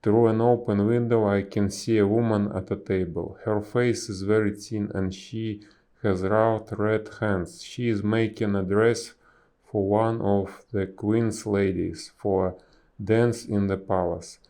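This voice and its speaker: A man's voice: fairly low pitch, level tone, measured pace, mellow. Sorrowful prince statue, read by a man. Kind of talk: storybook reading.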